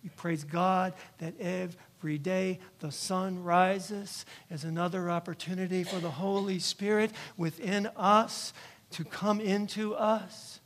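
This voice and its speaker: Man, pastor, sermon, emphatic, repetitive, high voice. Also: little pitch movement, slow, fairly bright tone. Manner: repetitive, emphatic preaching with tag questions. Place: church.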